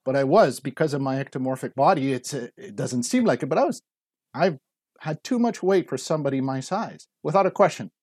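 A man's voice: mid-range voice, animated, brisk, darkish tone, dry recording. Earnest man in his forties, dry sound. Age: 40s. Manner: earnest, storytelling, acts out quotes. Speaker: guest. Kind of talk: casual interview talk.

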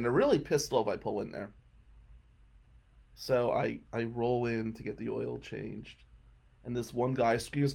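A male radio show host telling a rambling, comic story in a casual way and clearing his throat often. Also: mid-range voice, a little slow, pauses often, darkish tone.

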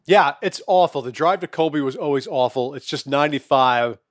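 A man's voice: fairly high pitch, brisk, no echo, clean studio sound. A middle-aged man co-hosting a podcast, chatting loosely and profanely with frequent laughs. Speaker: podcast co-host. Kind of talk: casual chat.

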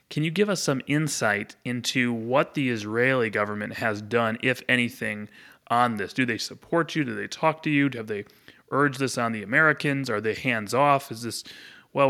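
A male podcast host asking measured, probing interview questions. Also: medium pitch, bright, forceful tone.

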